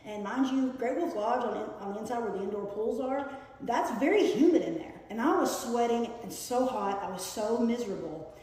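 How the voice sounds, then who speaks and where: A woman telling a personal story in a casual storytime, earnest and hesitant, filling pauses with fillers while she paints. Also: fairly high pitch, lively intonation, a little mellow. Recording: echoey room with long reverb.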